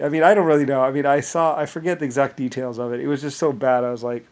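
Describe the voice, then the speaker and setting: A man's voice: medium pitch, fairly even intonation, quick pace, few pauses, darkish tone, rough recording. A man in a casual, rambling rant, scornful, full of restarts and fillers.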